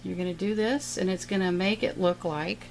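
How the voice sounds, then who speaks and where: A middle-aged woman with a slightly gravelly voice talks a viewer through a painting lesson in a chatty, playful way. Her pitch sits in the middle, and she adds little sound effects as she works. A faint hiss of noise runs under the recording. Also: fairly even intonation, moderate pace, darkish tone, low-quality recording. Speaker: painting teacher. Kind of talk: casual step-by-step painting lesson.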